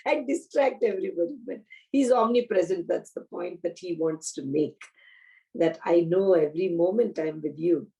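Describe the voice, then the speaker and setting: A woman from India giving a devotional storytelling talk over a video call, animated and acting out the dialogue she recounts. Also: medium pitch, normal speed, creaky, recorded from a distance, rough recording. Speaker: guest speaker.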